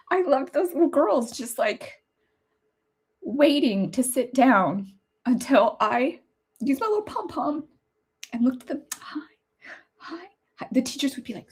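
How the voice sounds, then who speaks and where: Forties woman host, slightly high voice, chatty, emotional storyteller. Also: lively intonation, unhurried, breathy edge. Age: 40s. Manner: chatty, laughing, emotional and teary. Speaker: podcast host. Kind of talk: personal storytelling monologue.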